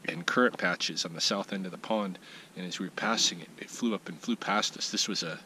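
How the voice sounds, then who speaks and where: A man with a somewhat low voice talks his way through a relaxed backyard vlog, musing aloud and circling back on his words. Outdoor ambience stays clearly audible behind him. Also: a little fast, noisy background. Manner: easygoing, thinks aloud with many fillers and restarts. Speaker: vlogger giving a weekly update. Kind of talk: casual rambling outdoor vlog.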